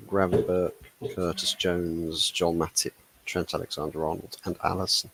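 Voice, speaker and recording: Deep-voiced man, rambling football banter. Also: slight background noise, poor audio. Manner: rambling, jokey. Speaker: football podcast panelist. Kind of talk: casual chat. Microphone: video call.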